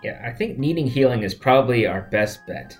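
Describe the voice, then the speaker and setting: A man's voice: medium pitch, lively intonation, brisk, faint music behind. A man playing a tabletop role-playing game, making dry, cautious remarks. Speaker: player. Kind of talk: casual game chat.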